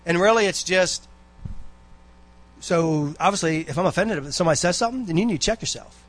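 A man's voice: sits high, fairly quick, fairly bright tone. Rambling, folksy man exhorting a congregation. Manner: rambling, folksy, with frequent asides. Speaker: church member giving a talk. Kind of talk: casual church exhortation.

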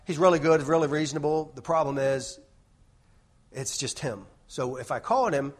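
Guy preaching loose and chatty, keeps tacking on "right?", slightly high voice. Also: normal speed. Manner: rambling, conversational, many restarts and "right?" tags. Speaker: lay preacher. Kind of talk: informal sermon storytelling.

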